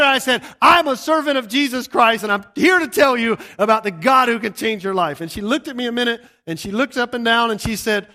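A man's voice: high-pitched, a little fast. A man preaching a sermon, telling a mission story and acting out the people in it. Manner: animated, acts out voices in his story. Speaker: pastor.

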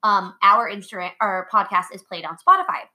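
A woman's voice: mid-range voice, sing-song, brisk, bright, forceful tone. A woman co-hosting a podcast, chatting casually and a bit self-consciously as a teacher. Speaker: podcast co-host, elementary teacher. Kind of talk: casual chat.

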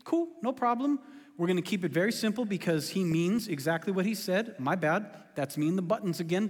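High-voiced joking pastor. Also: male voice, normal speed. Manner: animated, joking, self-deprecating. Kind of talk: sermon. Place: church sanctuary. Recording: long hall reverb.

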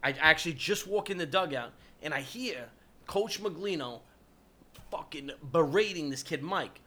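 A man's voice: on the high side, moderate pace. Laughing New man telling stories. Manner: laughing, swearing, animated storyteller. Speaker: podcast co-host. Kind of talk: casual storytelling chat.

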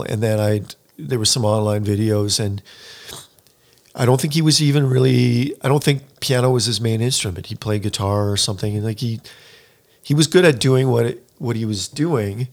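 A man in his fifties, a professional pianist, chatting casually and telling a lively anecdote. He acts out other people's lines and says "like" a lot. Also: medium pitch. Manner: animated storyteller who acts out other people's lines, heavy use of "like". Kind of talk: casual conversation, storytelling.

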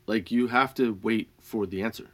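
A man's voice: on the low side, moderate pace, fairly bright tone. A man who works in a dispensary tells a rambling, profane story in a casual vlog and laughs often as he talks. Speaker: dispensary budtender and product reviewer.

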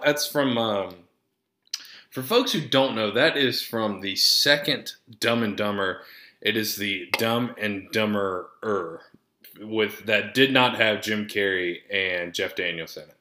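Male podcast host, rambling and foul-mouthed, bright forceful tone, roomy echoey sound. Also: fairly low pitch, takes it slowly. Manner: profane, rambling, easily sidetracked. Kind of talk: casual rambling monologue. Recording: roomy echo.

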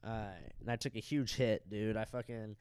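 A young man co-hosting a podcast, telling a crude story in a loose, animated way and acting out the people in it. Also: lowish voice, normal speed, clear, resonant tone, dry recording. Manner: animated, profane, acts out quoted people. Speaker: podcast co-host.

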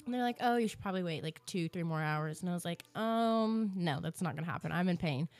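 A young woman on a casual podcast, recounting her experience in a chatty, animated way. Her voice sits a little low, and she fills her talk with "like" and "um". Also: fast talker, dry recording. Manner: chatty, animated retelling with many "like"s. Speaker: podcast co-host. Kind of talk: casual storytelling chat.

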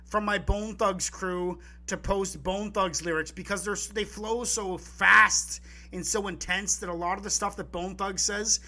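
A man co-hosting a live poetry podcast, chatting casually and excitedly, rambling with restarts and the odd curse. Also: sits high, a little slow. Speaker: podcast co-host.

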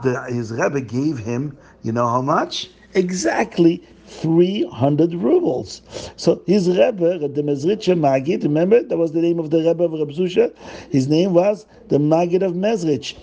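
A man telling a story to children in an animated way, asking his listeners questions. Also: medium pitch.

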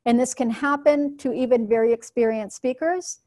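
A woman giving a workshop talk to a live audience in a clear, instructive, measured way. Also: a little high, mellow. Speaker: workshop presenter.

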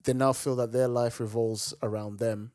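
A young man co-hosting a casual podcast chat, easygoing and quick to laugh and agree. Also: mid-range voice, little pitch movement, darkish tone, no echo, clean studio sound. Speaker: podcast co-host.

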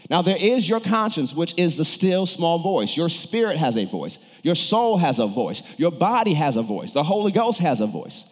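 A man's voice: fairly high pitch, sing-song, fairly quick, a little mellow, big-room sound. A male pastor preaching a sermon, turning to the congregation with questions and cues. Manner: preaches with shifting emphasis, calls on the congregation.

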